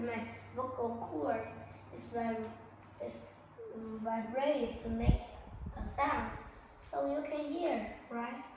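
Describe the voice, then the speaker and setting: A woman teacher talks her class through a lesson at an unhurried pace, pausing to ask "okay?" and "right?" after nearly every phrase. Her voice sits a little high and comes from a distance in a very echoey room. Steady noise hums under the recording. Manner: slow, repeats "okay?" and "right?" often, non-native grammar.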